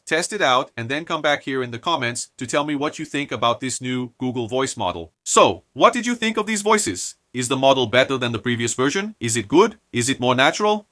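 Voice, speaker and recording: A man from Brazil guides viewers through a tech tutorial one click at a time. His voice sits a little high and rings bright. The sound is dry and close, with no room around it. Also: no room sound. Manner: step-by-step explaining, addresses viewers as guys. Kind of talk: screen-recorded software tutorial.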